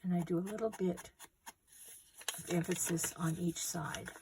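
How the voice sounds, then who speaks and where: A middle-aged woman calmly walking viewers through a paper craft step by step while she works. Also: lowish voice, noisy background. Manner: gentle, unhurried instructions while working with hands. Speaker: craft tutorial host.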